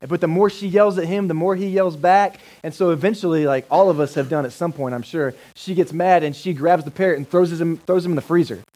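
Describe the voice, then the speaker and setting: A man's voice: a little high, a little fast, hardly any pauses, darkish tone, low-quality recording. A male pastor giving a sermon in a casual, enthusiastic, joking manner.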